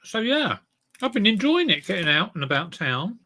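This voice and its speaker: Lively chatty man. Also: high voice, moderate pace. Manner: chatty, self-mocking, breaks into song and talks while eating. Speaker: live-streaming clothes reseller. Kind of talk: casual live-stream chat.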